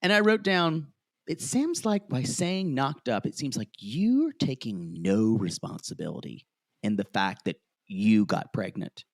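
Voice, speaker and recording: A man co-hosting a casual podcast, with a voice that swoops lively up and down as he retells scenes and slips into quick impressions of the cast. The sound is close and dry. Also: medium pitch, dry recording. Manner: animated, quotes cast members in put-on voices. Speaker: podcast co-host. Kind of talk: casual chat recapping a reality show.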